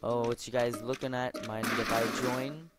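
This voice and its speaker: A young man rambles through a goofy gameplay session, putting on mock-stern scolding voices at the game's characters. His voice sits mid-range, and clear game music plays under everything. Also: medium pitch, fairly even intonation, moderate pace. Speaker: gameplay video host. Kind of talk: goofy improvised gameplay commentary.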